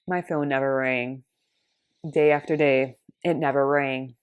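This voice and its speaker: A woman telling a personal faith story in an animated way, acting out the dialogue in different voices. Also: rumbling low, measured pace, clean tone.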